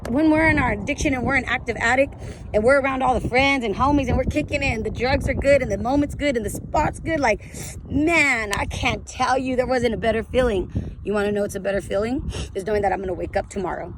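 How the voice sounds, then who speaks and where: Fast-talking blunt woman, noisy background. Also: fairly high pitch. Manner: raw, blunt, emotional, swears freely. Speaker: recovering addict sharing her story. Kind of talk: candid testimonial vlog.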